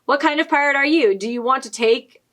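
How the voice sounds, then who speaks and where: A woman's voice: sits high, a little fast, a bit bright. A young woman co-hosting a casual podcast chat, giggling often as she reads a quiz aloud. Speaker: podcast co-host.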